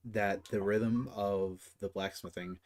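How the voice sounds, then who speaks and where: A man's voice: lowish voice, steady tone, slow pace, darkish tone. Casual, cursing man running a game. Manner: casual and profane, with many fillers. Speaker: game master. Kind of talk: narrating a tabletop game.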